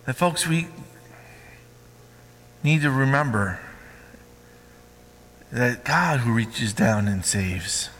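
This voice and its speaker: A man's voice: medium pitch, lively intonation, very slow, long pauses, a bit bright, in a large hall, rough recording. A man preaching a sermon with emphatic call-and-response questions to the congregation.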